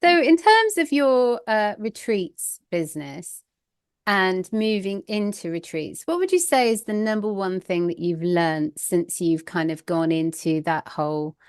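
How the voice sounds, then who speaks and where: A woman hosting a casual podcast interview, chatty and quick to laugh, telling stories with energy. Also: medium pitch, smooth, dry recording, studio quality. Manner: chatty, laughs often, animated storytelling. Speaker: podcast host.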